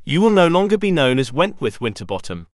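A man puts on a gruff, solemn male animal pirate captain, stern but quietly protective. His voice rises and falls with lively pitch, and the storybook recording sounds close and dry. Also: a little fast, no echo. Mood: resolute.

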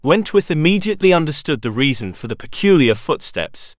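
A man reading a children's storybook aloud in an expressive way. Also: on the high side, brisk, no room sound, studio quality. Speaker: narrator. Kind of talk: storybook narration.

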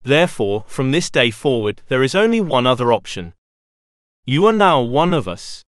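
A man voicing a stern but protective male animal pirate captain in a storybook, gruff and solemn. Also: medium pitch, sing-song, normal speed, no echo, clean studio sound, natural voice. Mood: resolute.

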